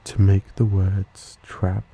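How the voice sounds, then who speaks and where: A man with an Australian accent, giving a soft-spoken ASMR lesson into a stereo microphone and pronouncing each word slowly and carefully. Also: low voice, completely flat delivery, gravelly, muffled recording, slight background noise. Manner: slow, careful, gentle enunciation. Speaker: ASMR channel host. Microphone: Blue Yeti microphone, stereo.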